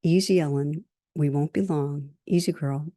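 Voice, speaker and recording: Woman doing a calm, controlled grandma. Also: sits low, moderate pace, lightly acted. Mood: calm soothing. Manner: controlled, soothing. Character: calm grandmother soothing herself, older woman.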